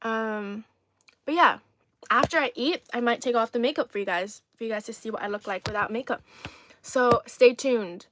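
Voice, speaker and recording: A woman's voice: fairly high pitch, normal speed, a bit bright, a little hiss or hum. A young woman from China hosting a casual eating live stream, sassy and playful, teasing her viewers and laughing often over a phone mic. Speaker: livestream host.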